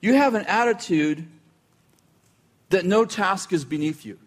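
A man's voice: high-pitched, lively intonation, a little slow. A man preaching in a casual, conversational style, often breaking off mid-sentence and adding wry asides. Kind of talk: conversational sermon.

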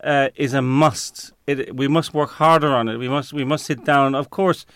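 Smooth-voiced man groping for words. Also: medium pitch, steady tone, moderate pace, fairly bright tone, no room sound, clean studio sound. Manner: searches for words, frequent fillers and restarts. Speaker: interview guest. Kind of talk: conversational interview answer.

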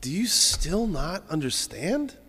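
A man voicing an exasperated man who sarcastically scolds his slow followers, in a long-reverb church. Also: fairly high pitch, big pitch swings, bright, forceful tone, slightly rough, pitched above the performer's own voice, heavily acted.

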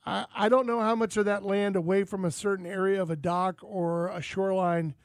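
A man's voice: high voice, level tone, a little fast, dry recording. A man hosting an outdoors talk radio show, folksy and rambling with frequent fillers.

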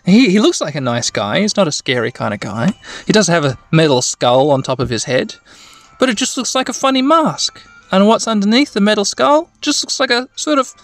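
A man talks through a video game in a soft bedtime manner, wandering off into wry little asides as he goes. His pitch moves about a lot. Faint music plays beneath him. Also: lively intonation, moderate pace. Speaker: let's play narrator.

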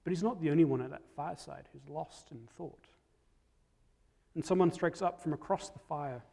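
A man preaching a storytelling sermon, reflective, dropping to soft tones at key moments. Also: a little high, normal speed, creaky, slightly rough, in a large hall.

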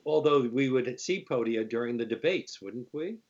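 A man hosting, asking measured, thoughtful questions. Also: mid-range voice, lively intonation, a little mellow, dull audio, slight background noise. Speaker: host. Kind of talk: interview talk.

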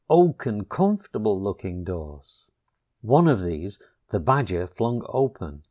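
A man reading a children's storybook chapter aloud, slow and expressive. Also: mid-range voice.

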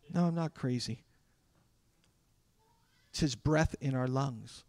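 A man delivering a sermon as a pastor, talking conversationally with dramatic pauses. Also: mid-range voice, a little mellow, dry recording. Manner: conversational preaching with dramatic pauses and acted quotes.

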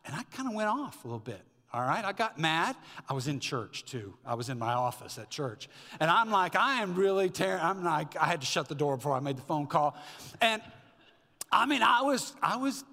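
Man, middle-aged pastor, storytelling sermon, bright ringing voice, reverberant church hall. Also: on the high side, expressive, brisk. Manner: storytelling, conversational with asides. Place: church sanctuary.

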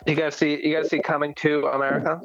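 A man's voice: on the high side, flat delivery, fast talker, a bit bright, faint music behind. A man hosting a podcast in casual chat, laid-back and rambling, full of fillers. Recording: dull lo-fi sound.

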